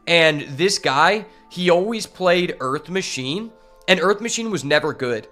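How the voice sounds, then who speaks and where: A man chats while playing a card game, spinning a long story full of fillers and curse words. His voice sits a touch high for a man. Soft guitar music plays underneath. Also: animated, measured pace. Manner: rambling, swears freely, many fillers. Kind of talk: casual storytelling while gaming.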